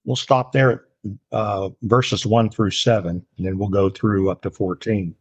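A man giving a Bible lesson in a slow, deliberate way, with many pauses and fillers. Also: lowish voice, steady tone, slightly rough, no room sound, highs cut off. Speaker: Bible teacher.

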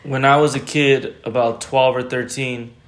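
A man co-hosting a podcast, telling a story in a casual, profane, animated way. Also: medium pitch, moderate pace, roomy sound. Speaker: podcast co-host.

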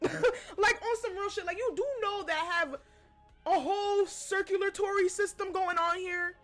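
A woman's voice: very high-pitched, normal speed, soft background music. A woman in her twenties telling a personal story in a casual, profane, exasperated way. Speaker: podcast host.

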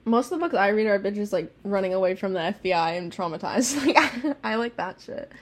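Speaking a little fast in a medium-pitched voice, with slight background noise, this young podcast co-host keeps the chat casual. She laughs a lot, curses freely, and tells her stories with animation.

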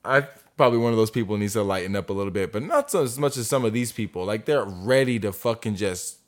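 A man's voice: on the low side, fast. A man co-hosting a podcast, telling a story in casual chat, swearing a lot and acting out the people he quotes. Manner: animated, swears a lot, acts out quoted voices. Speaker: podcast co-host.

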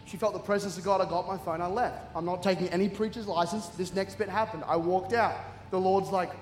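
A man's voice: high-pitched, fast talker, few pauses, noisy background. A man with an Australian accent preaching a sermon, telling funny self-mocking stories with bursts of laughter. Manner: humorous, animated, self-mocking storytelling with laughter. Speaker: guest preacher. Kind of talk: storytelling sermon. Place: large church hall with congregation. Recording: echoey hall, faint ambience.

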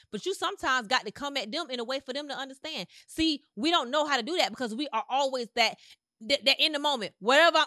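A woman's voice: on the high side, bright, forceful tone, no echo, clean studio sound. A woman hosting a podcast, giving an emphatic motivational monologue in a conversational, repetitive way. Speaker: podcast host.

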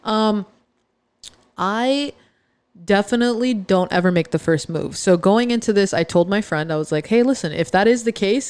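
A woman's voice: on the low side, darkish tone, smooth, no echo. A woman hosting a podcast, telling a personal story in a chatty, joking way that often breaks off mid-sentence. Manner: chatty, joking, self-interrupting. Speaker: podcast host.

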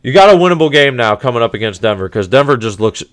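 A man's voice: mid-range voice, lively intonation, fast. A man hosting a sports podcast, ranting in a heated, profane, exasperated way, with many restarts. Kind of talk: casual sports rant.

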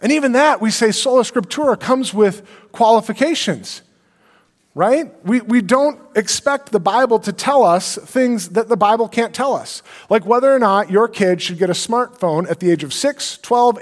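A man preaching a sermon as pastor, in a conversational, animated way full of rhetorical questions. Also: high voice, moderate pace. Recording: long hall reverb.

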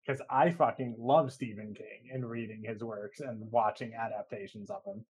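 A man on a casual podcast who talks in a relaxed way and swears freely. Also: mid-range voice, normal speed, few pauses, slightly rough, lo-fi sound. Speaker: podcast co-host. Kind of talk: casual group chat.

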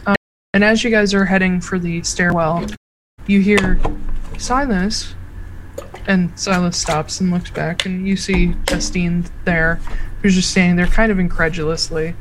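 A woman narrating a tabletop game as game master, relaxed and hesitant with many fillers. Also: lowish voice, moderate pace, noisy background.

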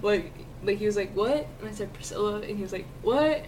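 A young woman hosting a casual chat podcast, telling animated stories, laughing often and swearing freely. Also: medium pitch, fast talker, distant mic, a little hiss or hum. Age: young adult. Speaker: podcast host.

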